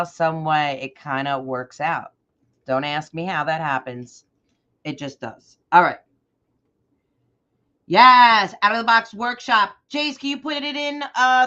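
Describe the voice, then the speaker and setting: Loud, excitable woman crafter. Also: lowish voice, dull audio. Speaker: craft livestream host. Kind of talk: chatty live craft tutorial, greeting viewers. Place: at her craft table.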